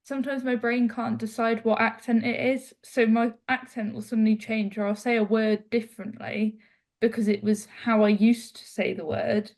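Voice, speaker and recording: Woman, podcast co-host, chatty storyteller, gravelly, flat pitch. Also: moderate pace. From North London. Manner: chatty, anecdotal. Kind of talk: casual panel chat.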